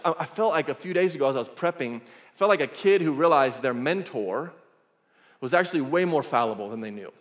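Man preaching in an echoey church. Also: medium pitch. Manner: animated storytelling with casual asides. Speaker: pastor. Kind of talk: sermon. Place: church sanctuary.

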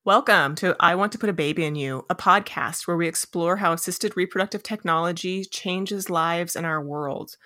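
A woman opens her podcast in an upbeat way. Her tone is bright and forceful. The recording is dry and close. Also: fairly low pitch, normal speed, few pauses, dry recording. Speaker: podcast co-host, agency director. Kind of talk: podcast intro.

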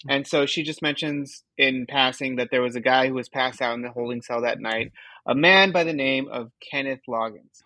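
A man's voice: mid-range voice, moderate pace, bright, forceful tone, no echo. A man co-hosting a podcast, loosely recapping a TV episode in chatty talk with frequent ums and likes. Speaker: podcast co-host. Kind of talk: casual episode recap chat.

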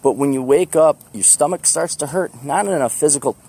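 A man's voice: fairly high pitch, a little fast, warm tone, breathy edge. A man hosting a podcast, rambling casually and self-deprecatingly while walking outdoors to the bus, laughing often. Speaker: podcast host. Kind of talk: rambling walk-and-talk monologue.

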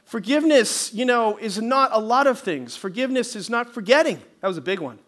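A man's voice: extremely high pitch, a little fast. A man pastor preaching a sermon, telling stories with animation and calling for amens from the congregation. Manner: animated storytelling, calls for amens.

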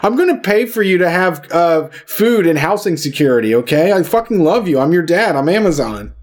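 A man's voice: sits high, expressive, brisk. A man voicing a corporation as a clingy, gushing fake dad, with mock-sincere, over-earnest pledges. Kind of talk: comic bit in a podcast chat.

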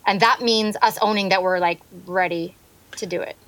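A woman co-hosting a relaxed podcast conversation. She chimes in often with quick words of agreement and talks openly when it is her turn. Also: medium pitch, no room sound. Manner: agreeable, backs others up with quick affirmations. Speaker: podcast co-host. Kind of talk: casual chat.

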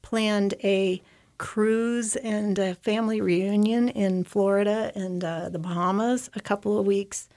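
Gravelly-voiced woman telling a rambling personal story. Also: medium pitch, steady tone, a little slow, a little mellow. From United States. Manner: talkative, rambling with restarts. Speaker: interview guest, avalanche survivor. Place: studio.

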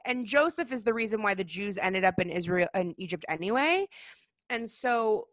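A young woman with a bright, forceful voice tells stories in a casual chat, full of "like" and laughter. She slips into little character voices as she explains. The sound is dry and close. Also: mid-range voice, moderate pace, no room sound. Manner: animated storytelling, acts out voices, frequent "like" and laughs. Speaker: guest explaining Jewish holidays.

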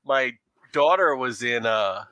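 Man from New York, game master, chatty, laughing, bright voice, dry close mic. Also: mid-range voice, animated, slow, no echo. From New York, USA. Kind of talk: casual tabletop banter.

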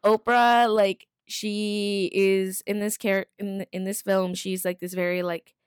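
A woman in casual conversation, relaxed and encouraging others to speak. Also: medium pitch, slow, clean tone, no echo, clean studio sound. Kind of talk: casual chat.

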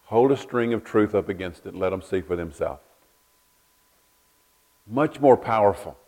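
A male pastor, delivering a sermon in a lowish voice. He talks in a folksy, storytelling way, often repeating words as he builds his point. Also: animated, moderate pace, darkish tone.

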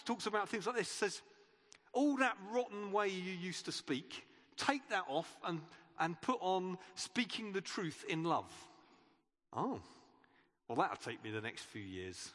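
Lively preacher in a reverberant hall. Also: male voice, sits high, unhurried. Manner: chatty and animated, with playful asides. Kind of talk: conversational sermon. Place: church hall.

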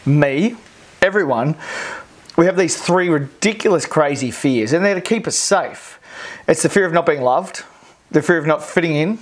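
Energetic Australian course presenter. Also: medium pitch. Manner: energetic and repetitive, acts out crowd cheers. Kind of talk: recorded course lesson.

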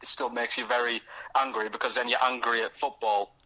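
A young man is talking in a casual radio interview. His voice is bright and forceful, and his sentences halt and restart as he slips into the voices of the people in his stories. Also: mid-range voice, fairly even intonation, poor audio. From North East England. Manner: halting, many restarts, acts out quoted voices. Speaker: guest author. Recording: radio studio.

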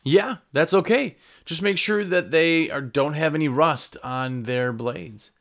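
A man's voice: on the high side, measured pace, a bit bright. A man who runs a window cleaning business, giving casual sales advice to camera and acting out exchanges with customers. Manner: conversational, acts out customer exchanges.

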